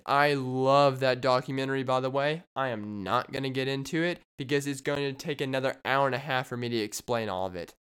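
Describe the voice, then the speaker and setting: A man hosting his own podcast, talking alone in a rambling, jokey way as he riffs on silly ideas. His voice is smooth and clear, at a middling pitch. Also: fairly bright tone. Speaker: podcast host. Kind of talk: solo comedic podcast monologue.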